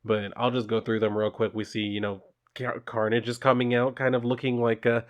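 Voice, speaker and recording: A man talks through a comic issue in a loose, offhand way, full of casual fillers. His voice sits at a middle pitch. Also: level tone, a little fast. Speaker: comic book reviewer.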